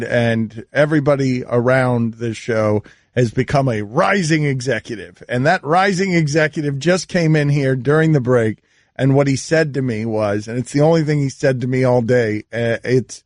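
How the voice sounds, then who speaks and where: A man's voice: medium pitch, moderate pace, no room sound. A man hosting a sports radio show in the studio, teasing and incredulous.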